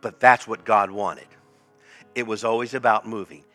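A male pastor preaching a sermon with animated storytelling and frequent laughs. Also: fairly low pitch, moderate pace, faint music behind. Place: church service.

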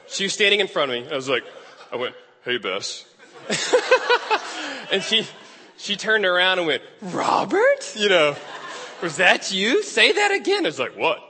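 A man tells a story from the pulpit in a bright, forceful voice that sits a little high. He talks in a chatty, self-deprecating way, often laughing at himself. The sound rings with the long reverb of a large hall. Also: lively intonation, brisk, long pauses, a little hiss or hum. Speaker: preacher. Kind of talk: storytelling sermon.

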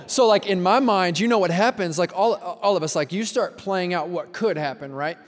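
A male pastor giving a relaxed, conversational sermon, telling stories and asking the congregation questions. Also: a little high, fast talker. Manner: casual, storytelling, engages the congregation with questions. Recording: long hall reverb.

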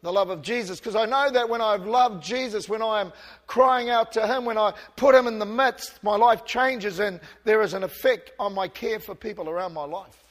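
Man, pastor, high voice, passionate sermon, soft asides and loud outbursts, long church reverb. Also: moderate pace. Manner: self-deprecating humour with the congregation.

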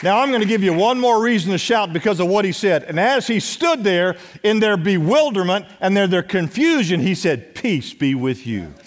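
A man preaching a sermon as pastor, urging his congregation to respond and dropping at times to a hush. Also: sits high, lively intonation, moderate pace, hardly any pauses. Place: church sanctuary. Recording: long church hall reverb.

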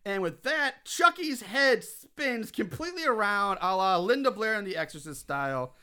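Male co-host, casual recap chat, bright higher voice, animated. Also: normal speed, smooth. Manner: animated, swears when worked up. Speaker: podcast co-host recapping a film.

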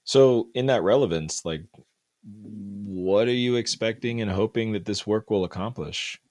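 A man hosting an interview, asking unhurried, open questions of his guest. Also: lowish voice, darkish tone, no room sound, clean studio sound, soft background music. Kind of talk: conversational interview.

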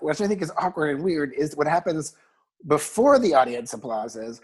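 A co-host in a casual chat, amused and chatty, adding quick asides about a sitcom scene. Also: mid-range voice, breathy edge. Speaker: podcast co-host.

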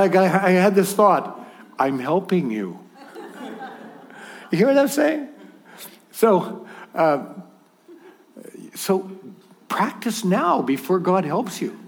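A man's voice: a little high, darkish tone. A man preaching a sermon in a conversational, humorous way, with acted asides.

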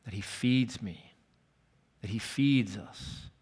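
A man preaching a sermon, telling a personal story with earnest warmth and dropping to a near whisper for quoted lines. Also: lowish voice, takes it slowly, husky. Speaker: pastor. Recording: long hall reverb.

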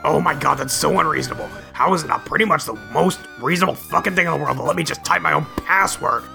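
A man's voice: on the high side, fast talker, gravelly, sharp tone, faint music behind, full character voice. A man voicing an irritable, exasperated teenage troll boy while reading game dialogue. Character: grumpy shouty teen troll boy.

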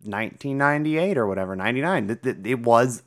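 A woman co-hosting a podcast, chatting casually about a movie in a relaxed way, often agreeing with short replies. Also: extremely low pitch. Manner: relaxed, quick backchannel agreement. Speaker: podcast co-host. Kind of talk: casual chat reviewing a movie.

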